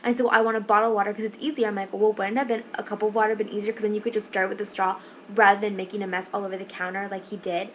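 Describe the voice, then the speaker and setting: A young woman tells a story in a casual vlog, talking fast and rambling. She sounds exasperated and fills her talk with "like". Faint noise hums under her voice. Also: mid-range voice, flat delivery, a bit bright, poor audio. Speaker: shift manager.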